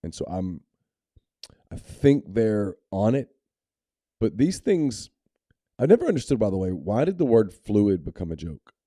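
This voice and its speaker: Low-voiced guy with a dark mellow tone, opinionated sports podcast chat, dry close mic. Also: sing-song, unhurried, pauses often, no echo. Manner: candid, opinionated, many restarts. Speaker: podcast co-host. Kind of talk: casual sports talk.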